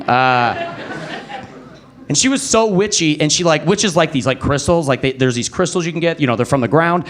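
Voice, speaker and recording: A young man performing a stand-up comedy set at a comedy club, telling a story and acting out quoted voices. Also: fast. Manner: animated storytelling, acting out quotes with pitch jumps. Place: comedy club stage before a live audience.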